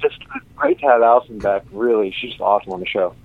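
A man's voice: lowish voice, fast talker, no room sound, phone-quality sound. A man calling in to a radio show as an eager, friendly fan. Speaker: caller. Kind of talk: call-in chat.

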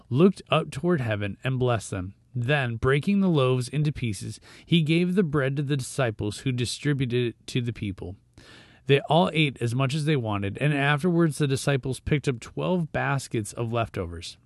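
A man with a medium-pitched voice hosts a brief devotional podcast, reading scripture before reflecting on it in a casual, conversational way full of fillers and restarts. The sound is clean studio audio with no echo.

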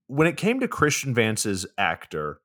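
Male podcast co-host, incredulous and profane, animated pitch, dry sound. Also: a little slow, no echo. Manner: blunt, incredulous, swears often. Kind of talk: casual movie recap chat.

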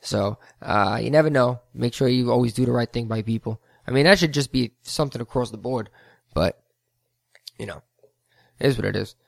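Spinning a meandering story on his podcast, a man who runs a float center throws in heated asides along the way. He speaks at a moderate pace in a creaky mid-range voice, and the recording is dry and studio-clean.

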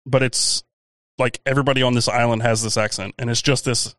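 A man's voice: medium pitch, steady tone, fairly quick, a bit bright, no echo. A man co-hosting a podcast in casual chat, hesitant and prone to mumbling. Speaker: podcast co-host.

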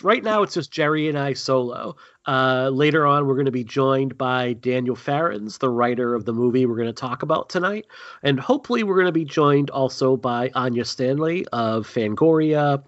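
A man's voice: mid-range voice, no echo. Chatty male podcast host, dry dull mic. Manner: chatty, rambling with frequent ums. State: a little tired. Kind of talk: casual podcast chat.

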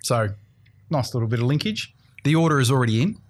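A man's voice: medium pitch, lively intonation, fast talker. A man co-hosting a golf podcast, chatting casually with dry jokes. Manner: dry, joking. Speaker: podcast co-host. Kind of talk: casual chat.

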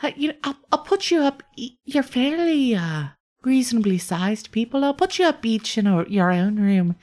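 Gracious female dragonborn host from a tabletop game, formal and courteous, her voice lifted a little higher as a woman game master puts her on, with hospitable, measured phrasing. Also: sing-song, darkish tone. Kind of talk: tabletop role-play character voice.

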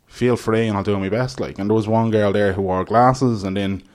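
A young Irish man chats casually on a podcast, his voice sitting a little low. He rambles through stories, stacking fillers and slipping into quoted voices as he goes. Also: steady tone, a little fast, darkish tone. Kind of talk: casual chat.

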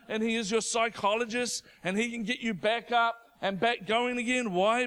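A male preacher losing his voice, delivering an impassioned sermon that builds to shouting. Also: very high-pitched.

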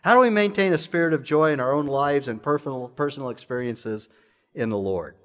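A man's voice: mid-range voice, brisk. A man preaching a sermon to his church in a conversational way, full of rhetorical questions and repeated phrases. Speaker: pastor.

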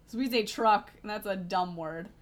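A woman's voice: mid-range voice, normal speed. A woman co-hosting a podcast in casual chat, teasing and laughing easily. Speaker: podcast co-host.

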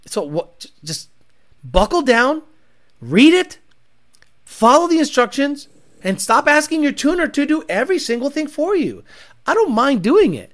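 A man hosting a casual car talk rant, profane and animated, with bursts of Spanish mixed in. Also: high voice. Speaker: car tuner and show host.

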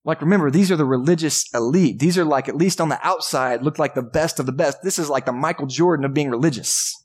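A man's voice: a little high, quick pace, husky. A man, a pastor, preaching a casual, joking sermon in a church and acting out voices from the crowd. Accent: Texan. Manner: conversational, jokey preaching with acted-out voices. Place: church sanctuary.

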